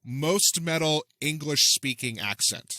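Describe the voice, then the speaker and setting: A man's voice: a little high, expressive, slow, sharp tone, no echo. A man hosting a podcast game segment, upbeat and eager, rolling dice and calling turns. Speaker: podcast host running the game. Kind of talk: casual chat.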